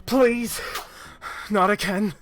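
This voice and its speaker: A woman's voice: very slow, faint music behind. A man voicing a desperate young alchemist woman who pleads through tears. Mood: pleading. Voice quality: high, tearful pleading.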